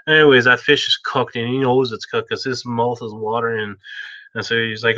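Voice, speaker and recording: A man's voice: mid-range voice, fairly quick, sharp tone, dry recording. A man telling a story in a casual, rambling way, with many restarts, on a dull lo-fi recording.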